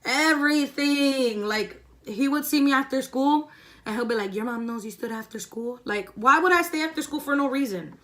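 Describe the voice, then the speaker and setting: A woman's voice: high-pitched, normal speed. A young woman vlogger telling a profane storytime while doing her makeup, acting out the voices of the people in it. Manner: animated, profane, acts out quoted voices. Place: indoors at home, doing makeup.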